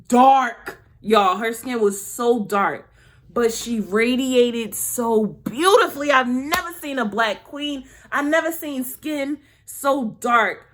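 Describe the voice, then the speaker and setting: Her voice sits a little high with a fairly bright tone as this ex-schoolteacher turned spiritual teacher chats informally with viewers. Laughter and swearing come often, and she speaks frankly, addressing everyone as "y'all."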